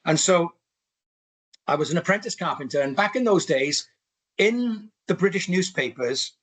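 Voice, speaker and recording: A man's voice: sits high, expressive, moderate pace, a bit bright, slightly rough. A Welsh man in his sixties, a podcast guest telling his life story in a rambling way, full of restarts and asides. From Wales. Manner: rambling, many restarts and "you know".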